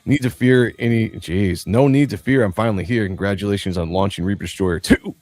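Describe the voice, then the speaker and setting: A man's voice: fairly low pitch, fairly quick, a little mellow, no room sound. A man hosting a livestream, chatting in a rambling, jokey way and laughing often. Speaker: livestream host. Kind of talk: casual livestream chat.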